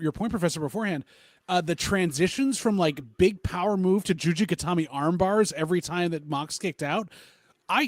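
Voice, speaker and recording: A man talking on a casual podcast through a remote stream mic, in a close, dry sound. His voice sits a bit high, and he trips over restarts and piles on "like" while he jokes along. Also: no room sound. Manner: stammering restarts, joking asides, many "like"s. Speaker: podcast co-host. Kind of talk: casual wrestling podcast chat.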